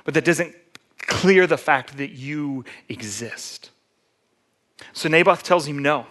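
A man preaching a sermon, retelling scripture in a relaxed, conversational storytelling way. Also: a little high, takes it slowly. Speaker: pastor.

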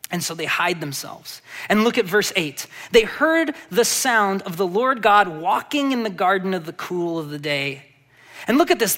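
A pastor preaching with rising intensity. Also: male voice, high-pitched. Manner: building from quiet reflection to animated emphasis; rhetorical questions to the congregation. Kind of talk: sermon.

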